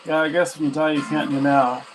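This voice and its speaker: A man with a slightly raised pitch talks casually at home, reacting to the answers he hears and teasing the spirits as he questions them. A constant bed of static hiss sits under his voice. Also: brisk, poor audio. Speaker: paranormal investigator hosting a ghost box session. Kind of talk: casual spoken commentary while questioning spirits. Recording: steady static hiss from a ghost box.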